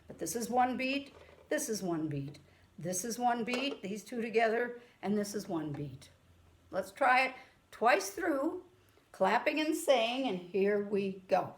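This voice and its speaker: A woman's voice: a little high, lively intonation, a little hiss or hum. A woman teaching a music lesson to children over a camera, chanting rhythm syllables. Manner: counts and chants rhythm syllables, slow and patient. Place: room with a keyboard. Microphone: camera mic.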